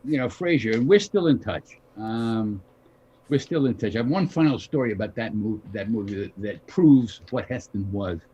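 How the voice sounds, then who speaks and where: An older actor telling a story over a video call, animated, acting out the lines of the people in his story. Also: on the low side, moderate pace, husky, highs cut off. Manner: animated, acts out quoted dialogue. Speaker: guest actor. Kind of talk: anecdotal storytelling.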